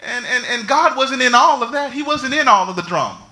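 A man preaching a sermon, swinging between shouts and near whispers. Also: extremely high pitch, animated, a little fast. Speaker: pastor.

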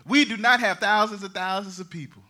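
A man preaching a lively sermon as pastor, swinging from loud proclamations to quiet, joking asides. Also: sits high, brisk. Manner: humorous, conversational asides.

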